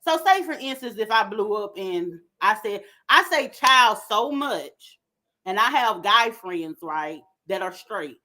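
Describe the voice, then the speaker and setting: A woman giving an animated, opinionated commentary rant with lots of slang. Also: medium pitch, measured pace. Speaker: commentary vlogger.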